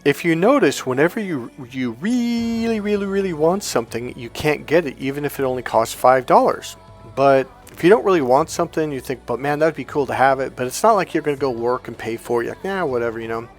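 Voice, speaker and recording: A man's voice: medium pitch, quick pace. Chatty man telling a story over faint music. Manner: chatty, retells dialogue with lively shifts, swears casually. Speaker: life coach. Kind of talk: casual storytelling monologue.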